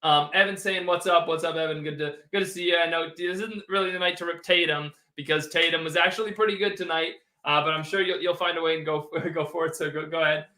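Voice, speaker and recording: A man's voice: a little high, steady tone, quick pace, hardly any pauses, pushed and bright. A man hosting a postgame sports livestream, reading viewers' chat and ranting in an exasperated, sarcastic way. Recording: roomy echo.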